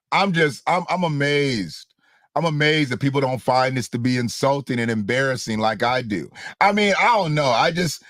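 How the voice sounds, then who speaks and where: A man's voice: medium pitch, fairly bright tone, dry recording. Guy ranting about politics, slangy and mocking, repeats himself a lot, dry close sound. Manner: blunt, slangy, mocking, laughs at own jokes; repeats phrases for emphasis. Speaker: host. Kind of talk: casual political commentary.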